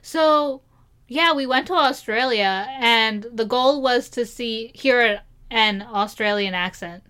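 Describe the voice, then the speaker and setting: A woman from Maryland co-hosting a podcast in casual chat, playful and quick to laugh. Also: a little high, fairly bright tone, clean tone. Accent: Maryland American. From Maryland, USA. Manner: giggly, playful, quick asides. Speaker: podcast co-host.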